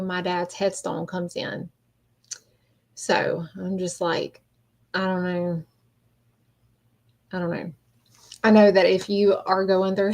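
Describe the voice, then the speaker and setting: Woman hosting a loose livestream chat, emotional and near tears, halting and rambling, mid-range voice. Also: medium pitch. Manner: halting, rambling, greets viewers often. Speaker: livestream host.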